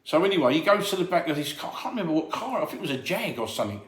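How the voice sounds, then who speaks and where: A man, a former doorman, telling a lively anecdote in casual chat and acting out the voices of the people in it. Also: fairly high pitch, very fast. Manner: animated storyteller acting out other people's voices. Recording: echoey room.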